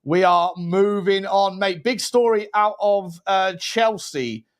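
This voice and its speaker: A man co-hosts a live football show, upbeat and playful with his audience. His voice sits a little high for a man. He talks chummily, like he is chatting with old friends. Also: takes it slowly. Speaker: co-host of a football podcast. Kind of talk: casual live-stream chat with viewer shout-outs.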